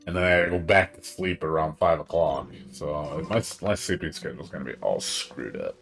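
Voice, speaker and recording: Deep-voiced rambling game streamer man. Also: normal speed, gravelly. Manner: rambling, excitable, swears often. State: tired, up all night. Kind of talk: casual live-stream chat.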